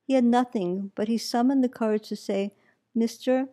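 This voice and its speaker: A woman meditation teacher reading a story aloud in a calm, measured way. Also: fairly high pitch.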